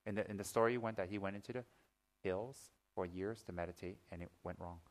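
A man teaching as a Buddhist teacher in a Dharma talk, mixing teaching with lively personal stories, joking asides and acted-out gasps. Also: sits low, fairly quick. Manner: lively storyteller, acts out gasps and shouts.

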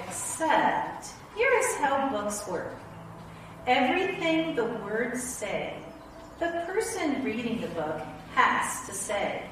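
A woman school principal reading a silly children's book aloud to her students, with playful, exaggerated cries of mock dismay. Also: fairly high pitch. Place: school building. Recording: very echoey room, voice far from mic, faint hiss.

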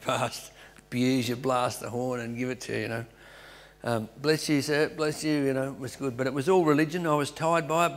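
A man's voice: mid-range voice, in a large hall. A middle-aged Australian pastor telling his personal testimony in a storytelling way, mocking himself and acting out his past thoughts. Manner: storytelling, self-mocking, animated retellings.

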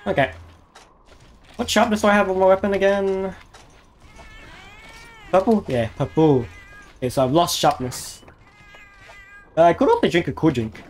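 A male game streamer chatting casually to himself as he plays, easily excited and talking to the monster on screen. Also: high-pitched, normal speed, pauses often. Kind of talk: casual live gameplay commentary.

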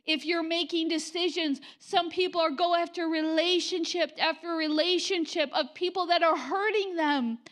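A middle-aged woman pastor delivers an impassioned sermon in a high, light voice. She swings between urgent emphasis and soft, near-whispered tenderness. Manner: impassioned, drops to soft whispers when quoting God.

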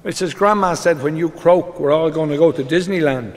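Doing live stand-up, an Irishman with a voice on the high side briskly tells short jokes as quoted back-and-forth exchanges, leaning on a repeated "he says." Reverb and background noise fill the venue recording.

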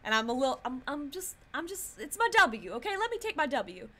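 A young adult woman streams a visual novel, joking and giggling between the lines she reads aloud. Her voice is bright and tense, with a lot of pitch movement. It sits a little high for a woman. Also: very animated, fairly quick. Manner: playful, giggly, chatty commentary.

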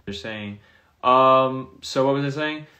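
A man's voice: medium pitch, slow pace, sharp tone, muffled recording. A young man chatting casually on a livestream into his phone, loosely reading out and reacting to viewer comments. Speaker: streamer answering viewer comments.

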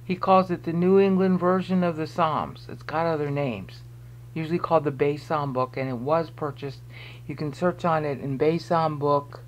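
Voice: mid-range voice, fairly even intonation, moderate pace, dull audio, slight background noise. A presenter narrating a screen-recorded walkthrough, thinking aloud while searching on screen and making pointed, emphatic remarks. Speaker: video presenter explaining research.

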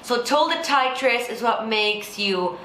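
A woman vocal coach with a low contralto voice, explaining technique and breaking into sung examples. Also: expressive, unhurried, bright, forceful tone, slight background noise. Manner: explains then sings example lines. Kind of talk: singing tutorial with sung demonstrations. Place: Singapore. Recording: echoey room with faint music.

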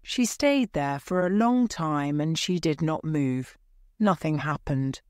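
Female storyteller; measured, clear reading at an unhurried pace, low register. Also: lively intonation, a little mellow, dry recording, clean studio sound. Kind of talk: scripted story narration for English learners.

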